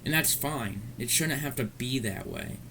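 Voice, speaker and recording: A man's voice: mid-range voice, expressive, measured pace, sharp tone, slight background noise. Heated, profane man ranting. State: angry. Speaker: commentary vlogger. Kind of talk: ranting commentary.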